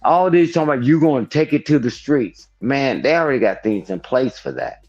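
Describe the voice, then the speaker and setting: A man's voice: medium pitch, lively intonation, a little fast, a little mellow, slightly rough, dull audio, soft background music. Emphatic older man on a livestream panel. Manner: emphatic, repeats "I'm telling you", preachy. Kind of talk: heated panel discussion.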